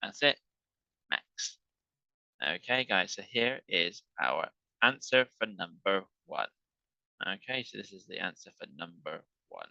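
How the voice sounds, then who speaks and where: A man's voice: low-pitched, expressive, gravelly, bright, forceful tone, no room sound, muffled recording. A man teaching an online English lesson, talking patiently and checking in with "okay" as he works through examples. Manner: slow, patient, repeats with "okay".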